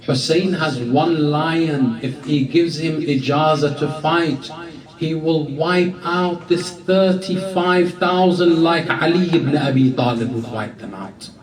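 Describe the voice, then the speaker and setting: A man with a high voice preaches a lament, rising into a wailing, chanted delivery. He is heard from a distance in an echoey hall, and a crowd murmurs behind him. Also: slow pace. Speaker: speaker at a mourning gathering. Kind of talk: sermon. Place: large gathering hall. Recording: echoey hall, mic from afar, crowd noise.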